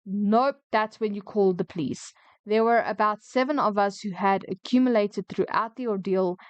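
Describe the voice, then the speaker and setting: A woman's voice: medium pitch, clean tone, no room sound. A woman streamer reading retail stories aloud and breaking off into chatty, opinionated, indignant asides. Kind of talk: casual chat mixed with reading stories aloud.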